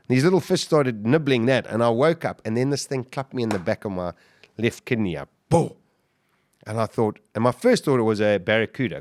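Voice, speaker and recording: A man, a podcast guest, telling his own survival story in the first person, animated, with restarts and sudden bursts of emphasis. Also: medium pitch, dry recording, clean studio sound.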